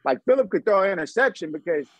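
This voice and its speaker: A man in his thirties, a former pro football player, telling stories in a casual interview, slangy and animated, acting out what people said. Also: sits high, fast, no echo, muffled recording. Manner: animated, slangy storyteller acting out quoted dialogue.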